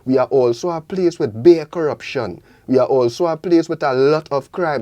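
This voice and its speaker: A man's voice: a little high, a little mellow, no room sound. A young man with a Trinidadian accent, speaking passionately and repeating his points in a radio studio interview. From Trinidad and Tobago. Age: young adult. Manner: passionate, preachy, repetitive rallying calls. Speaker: guest artist.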